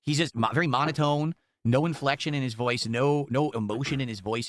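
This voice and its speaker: A man's voice: medium pitch, a little fast, few pauses, no echo. A man streaming live, reacting to clips at a desk microphone with incredulous, exasperated outbursts. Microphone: desk condenser mic.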